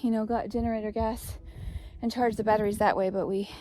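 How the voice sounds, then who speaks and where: Chatty woman, mellow voice. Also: mid-range voice, little pitch movement, a little fast. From East Tennessee. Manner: chatty, rambling, upbeat. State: out of breath. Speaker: homestead vlogger. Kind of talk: casual vlog talk. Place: outdoors on a hillside homestead.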